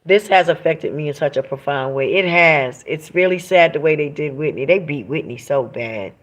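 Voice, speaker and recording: A woman's voice: low voice, normal speed. A woman hosting a livestream, reading viewer comments aloud and talking in an emphatic, preachy way that repeats phrases for emphasis. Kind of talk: emotional livestream monologue.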